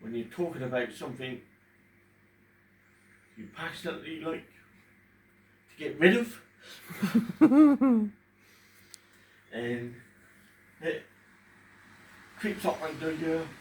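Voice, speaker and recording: Man, fifties, slow and halting, emotional, echoey room, distant mic, faint hum. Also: medium pitch. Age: 50s. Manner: halting, emotional, pausing often. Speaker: vlogger talking about his depression. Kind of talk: unscripted personal talk to camera. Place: room at home in front of a fish tank.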